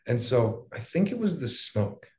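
A young man from Hawaii recounts events in loose, casual talk, stopping for fillers and dropping curse words as he goes. His voice sits in an ordinary middle pitch. The room around him rings with a noticeable echo. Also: very animated, unhurried, a little mellow. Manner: loose, profane, rambling with fillers. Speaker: wildfire survivor guest. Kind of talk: casual storytelling. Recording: echoey room.

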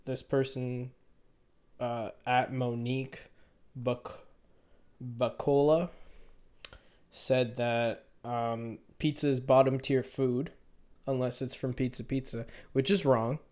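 Rambling young man, smooth voice. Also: mid-range voice, level tone, darkish tone. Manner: rambling, halting, self-correcting. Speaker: podcast host. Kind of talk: unedited solo podcast monologue.

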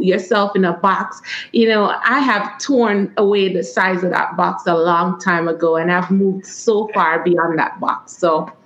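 A woman with a Jamaican accent answering interview questions as a guest author and coach, earnest and quick to laugh. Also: mid-range voice. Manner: earnest, testimonial, laughs often. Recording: echoey, dull lo-fi room sound.

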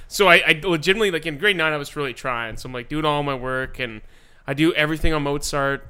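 Young male co-host, brighter and slightly higher voice than most men, animated storyteller who mimics others and laughs a lot. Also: quick pace, clear, resonant tone. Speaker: podcast co-host. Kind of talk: casual chat.

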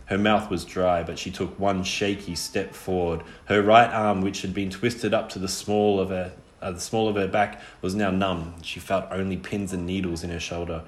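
A man narrating an audiobook in a measured, dramatic way. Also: low-pitched, little pitch movement. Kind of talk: audiobook reading. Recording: roomy echo.

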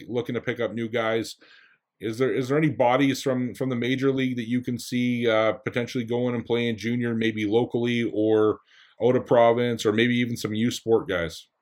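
A man's voice: mid-range voice, little pitch movement, moderate pace, a little mellow. A man hosting a casual podcast interview. He is also a football coach and asks long, rambling questions.

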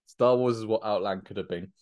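A man's voice: on the low side, brisk, darkish tone, no echo, studio quality. A man appearing as a guest on a casual film podcast, mocking himself and laughing at his own jokes.

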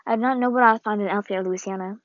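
A woman reading the farewell letter of an old, ailing grandmother in a solemn, measured way, on a dull, lo-fi recording. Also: mid-range voice, steady tone, dry recording, lightly acted. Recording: dull, lo-fi dry read.

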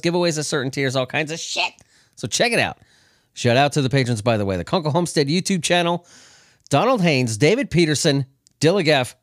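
Recorded at studio quality with no room sound, this man's medium-pitched voice carries a crude, joking podcast conversation. Still getting over an illness, the host breaks into coughing fits between his frequent laughs and lively banter.

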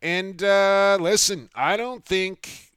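A man's voice: high-pitched, takes it slowly, fairly bright tone, clear, resonant tone, no room sound. Man, middle-aged, sports podcast host, upbeat banter, resonant, dry close sound. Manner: upbeat, punchy segment intros.

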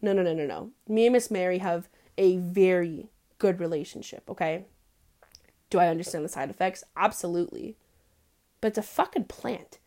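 A woman's voice: fairly low pitch, normal speed, mellow. A young woman hosting a casual confessional monologue, sassy and full of profanity and slang. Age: young adult.

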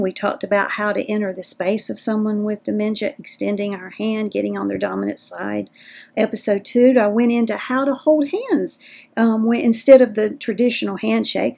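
A woman's voice: mid-range voice, creaky, mellow. A middle-aged woman with a Southern American accent, hosting a podcast in a folksy, chatty way. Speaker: podcast host. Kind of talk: casual podcast talk.

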